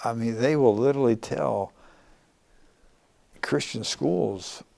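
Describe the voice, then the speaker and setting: An older man, a former congressman, speaking earnestly as an interview guest, with many halting restarts. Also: mid-range voice, vocal fry, darkish tone.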